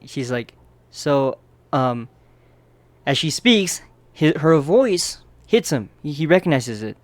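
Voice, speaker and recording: A man's voice: medium pitch, no echo. A man casually narrating a manga chapter recap in a loose, chatty way, often tossing in "right?" to check in with his listeners.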